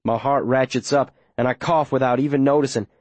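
A man narrates a first-person story in an urgent, breathless, tense way. His voice sits at a middle pitch. The recording is close and dry, with no room sound. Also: steady tone, fairly quick, dry recording. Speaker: audiobook narrator.

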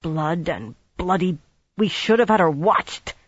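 A narrator growling as a gruff blunt woman. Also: medium pitch, animated, a little fast, no room sound. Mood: angry. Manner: growling, curses through her teeth. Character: gruff deposed older woman leader, blunt. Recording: slightly dull lo-fi recording.

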